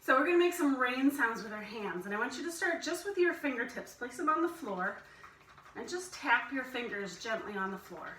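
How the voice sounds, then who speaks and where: Woman, yoga instructor, high voice, playful cueing, roomy echo, distant mic. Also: animated, moderate pace, pushed and bright. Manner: playful, cueing breaths and animal sounds. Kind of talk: guided family yoga class.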